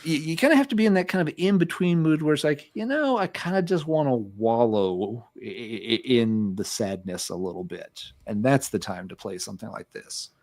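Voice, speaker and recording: A man's voice: medium pitch, animated, normal speed, few pauses, darkish tone. A man co-hosting a music podcast, chatting casually and rambling with many fillers and restarts. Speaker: podcast co-host. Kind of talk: casual music review chat.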